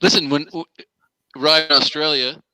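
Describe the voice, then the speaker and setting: A Canadian man, an actor guest, telling an animated story on a video call and swearing freely. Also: a little high, moderate pace, clean tone, no room sound, poor audio.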